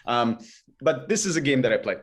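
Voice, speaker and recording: A man, a guest on a podcast, telling stories in a relaxed, chatty way and acting out his own thoughts in quoted asides. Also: mid-range voice, fairly quick. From Canada. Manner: animated, acts out his own inner voice. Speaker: podcast guest, kettlebell coach. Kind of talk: casual interview storytelling.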